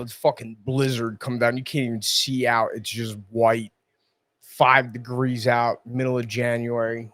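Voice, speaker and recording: A man's voice: medium pitch, little pitch movement, normal speed, dry recording. A man, a guest in a casual chat, telling crude stories with plenty of swearing. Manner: profane, laughing storyteller acting out yelling.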